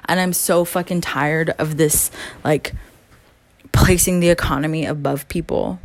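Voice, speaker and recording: A woman's voice: low-pitched, steady tone, unhurried, no echo. A young woman in a late-night rant, angry and profane, with heavy emphasis on her words. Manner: mocking whiny voice when imitating others. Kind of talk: late-night ranting monologue.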